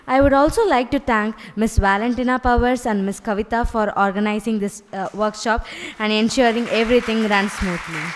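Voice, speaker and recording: A woman's voice: fairly high pitch, brisk, hardly any pauses, a little hiss or hum. Woman giving formal thanks in a hall. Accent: Indian English. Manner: formal, with stumbles over names. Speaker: event organizer giving vote of thanks. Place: college hall. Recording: hall reverb.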